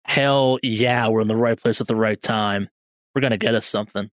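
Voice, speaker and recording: A man playing a rabidly excited army major. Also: on the low side, normal speed, no room sound, studio quality, natural voice. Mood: gleeful. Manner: gleeful, boastful, swearing.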